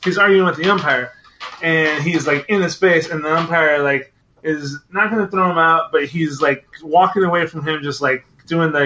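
Rambling, profane man, bright voice. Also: on the high side, fairly even intonation, normal speed, muffled recording. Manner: rambling, profane storytelling with acted-out quotes. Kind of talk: casual chat.

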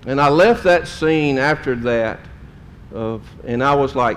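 A middle-aged man preaches in a homespun, storytelling way and lets emotion show. His pitch sits in an ordinary middle range. Faint background noise runs under his voice. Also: a little slow, a bit bright. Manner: folksy, emotional storytelling with drawled Southern phrases. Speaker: pastor. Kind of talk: sermon storytelling.

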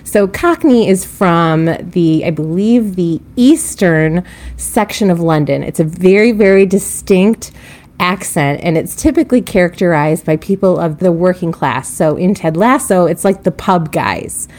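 A woman's voice: fairly low pitch, expressive, a little slow, darkish tone. A woman co-hosting a podcast, explaining a game in casual chat and laughing easily. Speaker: podcast co-host.

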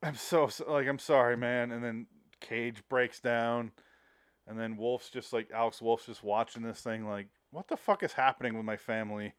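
Man co-host, casual film chat, lively and profane, mid-pitched voice, dry close sound. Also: moderate pace, clean tone, no echo. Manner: animated, profane, acts out scenes. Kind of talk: casual movie discussion.

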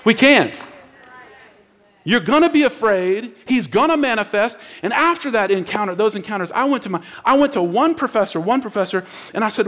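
Preacher, male, high and lively voice, big reverberant hall. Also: fairly quick. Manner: animated, acts out voices in his stories. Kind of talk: animated sermon storytelling.

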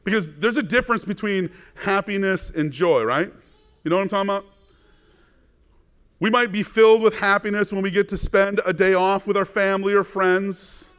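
A man's voice: high voice, normal speed, a bit bright, clean tone. A man preaching a sermon as pastor, earnest and emphatic, asking his congregation rhetorical questions.

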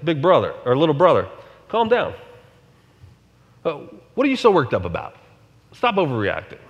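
A man's voice: fairly high pitch, huge pitch swings, moderate pace, big-room sound, dull audio, pitched below the performer's own voice. A man voicing a defensive biblical priest who brushes off the blame in a casual, dismissive way.

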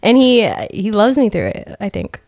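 A woman's voice: mid-range voice, wildly swooping pitch, normal speed, a little mellow. A young adult woman chatting openly on a podcast and laughing often. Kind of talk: casual podcast chat.

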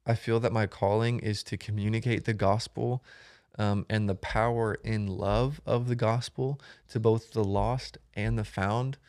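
A man's voice: fairly low pitch, fairly even intonation, unhurried, darkish tone, no room sound, clean studio sound. A young man, a guest on a podcast, talking casually and rambling with many ums and restarts. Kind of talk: casual conversation.

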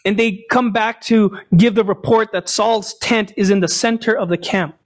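A man's voice: sits high, steady tone, normal speed. A man preaching a sermon, retelling a scripture story and explaining it, asking and answering his own questions. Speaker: pastor.

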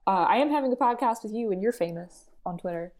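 A woman's voice: medium pitch, lively intonation, quick pace, darkish tone. A woman co-hosting a casual movie podcast, chatty, laughing often and acting out her own reactions. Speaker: podcast co-host.

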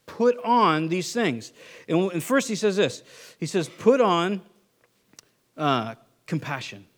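A middle-aged man with a notably high voice preaches a sermon. He talks conversationally, doubling words as he restarts and tossing in "right?" to keep the congregation with him. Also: expressive, slow pace. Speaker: pastor.

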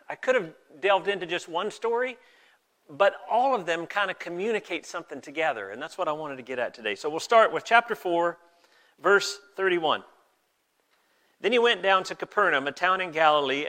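A man's voice: on the high side, expressive, normal speed, pushed and bright. A male pastor giving a conversational sermon and reading scripture aloud. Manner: conversational, folksy, with restarts.

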